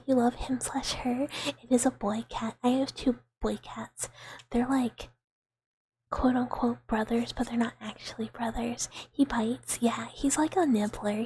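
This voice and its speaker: A woman's voice: fairly high pitch, slightly rough. Brief: young woman streamer, close-mic whispered ASMR chat, airy and rambling. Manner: soft whisper, giggly, rambling with fillers.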